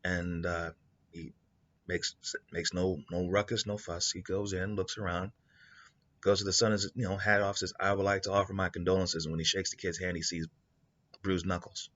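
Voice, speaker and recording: Low-voiced male storyteller, casual and rambling, lo-fi mic. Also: level tone, normal speed, fairly bright tone. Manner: rambling, with many fillers and restarts. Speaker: storyteller pitching a story idea. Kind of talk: casual spoken story pitch. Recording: dull lo-fi recording.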